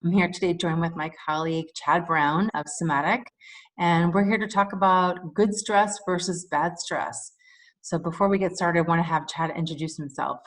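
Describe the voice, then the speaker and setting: A middle-aged woman hosts an interview over a video call, upbeat and welcoming. Her voice sits a little low for a woman, and she asks her questions easily and conversationally. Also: fairly even intonation, moderate pace. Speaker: host. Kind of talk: interview hosting.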